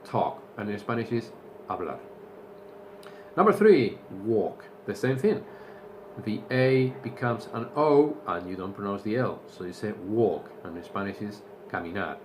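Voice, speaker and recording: A man teaching English to Spanish speakers, explaining slowly and repeating each point in Spanish. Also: lowish voice, big pitch swings, a little mellow, slight background noise. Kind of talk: bilingual language lesson.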